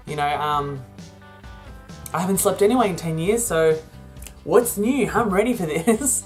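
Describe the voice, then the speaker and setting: A woman talking through a rambling, casual vlog about her business, laughing often. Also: lowish voice. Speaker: vlogger and virtual assistant business owner.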